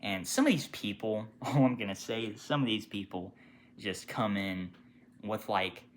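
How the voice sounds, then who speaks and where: A young man casually ranting about his retail job, swearing freely and mimicking customers with sudden shouts. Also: on the low side, moderate pace. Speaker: retail worker telling customer stories. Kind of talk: casual storytime rant.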